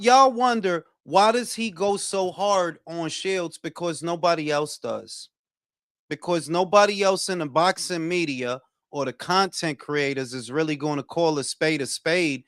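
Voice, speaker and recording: Sitting high and fairly bright, this Detroit man's accented voice comes through studio-clean with no echo. Hosting a casual boxing livestream, he rants in a heated, profane, blunt manner.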